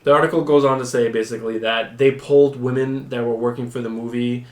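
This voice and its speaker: Male co-host, casual and relaxed, reads news and riffs; average pitch; echoey room sound. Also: fast talker. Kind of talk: casual chat about comic book news.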